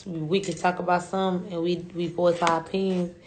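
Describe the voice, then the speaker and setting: A young woman talks on a livestream in a slightly low voice. She rambles through her story, swears often and uses a lot of slang. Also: flat delivery, fairly quick, darkish tone, a little hiss or hum. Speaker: rapper.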